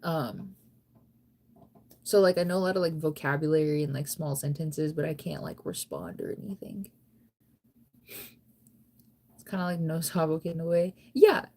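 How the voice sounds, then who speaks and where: A woman's voice: sits low, moderate pace, long pauses. A young woman chatting casually on a late-night livestream, sleepy and yawning, rambling with lots of "like". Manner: relaxed, rambling, heavy use of "like".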